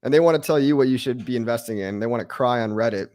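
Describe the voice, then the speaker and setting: A brash, excitable man hosting a live crypto stream, hyping up his viewers and jeering at critics. His voice sits at a middle pitch and sounds close and dry, with little room sound around it. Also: quick pace, no room sound. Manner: excitable, brash, mocking haters, repeats lines. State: out of breath. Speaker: crypto livestream host.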